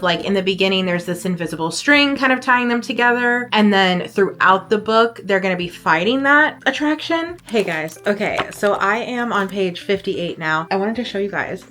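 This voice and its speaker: A woman's voice: medium pitch, fairly bright tone. A young adult woman chatting casually to camera in a vlog, full of "like" fillers. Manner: chatty, filler-heavy, lots of "like". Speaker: vlogger.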